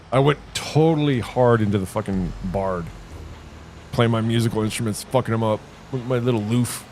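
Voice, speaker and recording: A middle-aged man streams a video game and gives casual live commentary in a medium-pitched voice, with slight background noise. His talk is profane, rambling and animated, full of storytelling.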